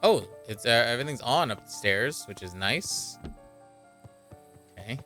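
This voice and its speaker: A man's voice: medium pitch, animated, measured pace, sharp tone, faint music behind. A man streaming a game, reacting animatedly and reading its text aloud. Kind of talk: let's play commentary.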